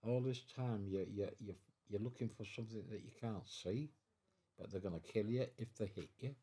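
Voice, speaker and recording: A very old man speaks in a low, dark, mellow voice. He tells his story haltingly, stumbling over and repeating words, and slips into the voices of the people in it. He sits at home in his living room. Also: slightly rough. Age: 90s. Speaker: veteran guest. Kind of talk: storytelling in an interview.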